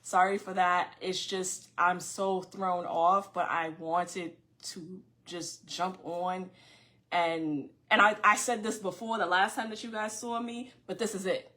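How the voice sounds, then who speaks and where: A middle-aged woman from Queens, hosting a casual livestream podcast and talking fast and loud to her viewers with frequent restarts. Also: fairly low pitch, steady tone. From Far Rockaway, Queens, New York. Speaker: podcast host.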